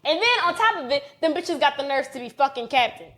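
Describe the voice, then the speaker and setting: A woman in her late twenties with a high voice tells a story on a podcast in casual chat. She is blunt, heated and profane, and acts out what others said as she goes. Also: big pitch swings, a little fast, a bit bright. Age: late 20s. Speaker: podcast co-host. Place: podcast studio.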